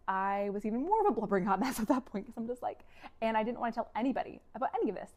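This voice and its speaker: A woman vlogger telling a personal story, animated and emotional, with many fillers and acted-out quotes. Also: fairly high pitch, quick pace.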